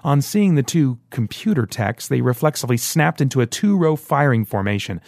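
A man narrating an audiobook in steady scripted storytelling. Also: medium pitch, moderate pace, gravelly, no echo.

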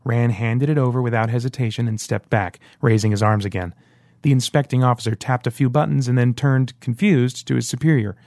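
A man narrating an audiobook in steady scripted storytelling. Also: mid-range voice, brisk, no room sound, studio quality.

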